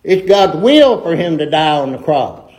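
A man's voice: a little high, very animated, measured pace, a little mellow, low-quality recording. A middle-aged man preaching a sermon in a folksy, emphatic way with rustic grammar.

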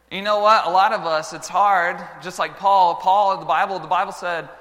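Man, preacher, sermon to children, storytelling, bright forceful voice, loud-to-quiet swings, long hall reverb. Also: high-pitched, moderate pace, hardly any pauses. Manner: animated, swings from loud exclamations to quiet earnest tones. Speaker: preacher speaking to schoolchildren.

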